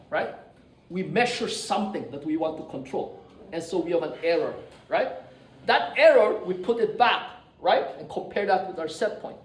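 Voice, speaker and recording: A man lecturing a class, animated and often checking in with his listeners. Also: high-pitched. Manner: animated, keeps checking in with "right?" and "you see?". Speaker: university lecturer. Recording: echoey room, mic at a distance.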